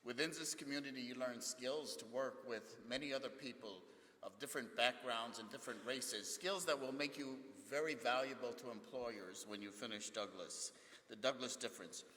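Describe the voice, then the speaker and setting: A man's voice: mid-range voice, moderate pace. A man in his sixties giving a university convocation speech, telling stories and jokes to new students. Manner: storytelling, jokes, builds excitement in anecdotes. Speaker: university administrator speaking at convocation. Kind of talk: ceremonial speech with humorous anecdotes. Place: large hall. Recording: echoey hall with long reverb.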